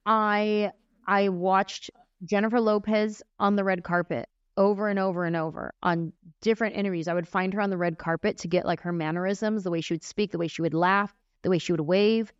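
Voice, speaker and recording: Woman comedian telling animated stories. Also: medium pitch, moderate pace, clean tone, no echo. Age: 40s. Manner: animated, demonstrating voices and gestures as she tells stories. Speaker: guest comedian. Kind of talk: casual storytelling in a podcast interview. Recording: dry, slightly muffled lo-fi sound.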